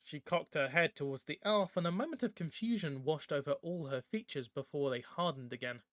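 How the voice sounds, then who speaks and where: A man narrating a fantasy audiobook in a steady storytelling manner. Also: on the high side, brisk, no echo, clean studio sound.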